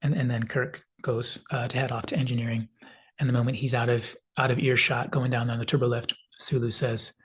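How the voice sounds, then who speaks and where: A man narrates a film analysis video, talking through the scenes casually and leaning on loose filler phrases. His voice sits at an everyday middle pitch with a husky, slightly breathy grain. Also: little pitch movement, fairly quick. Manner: rambling retelling full of "kind of" hedges.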